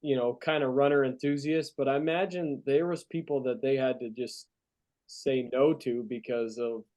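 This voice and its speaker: A man co-hosting a podcast, chatting casually in a thoughtful, measured way. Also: mid-range voice, a little mellow. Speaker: podcast co-host. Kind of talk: casual review chat.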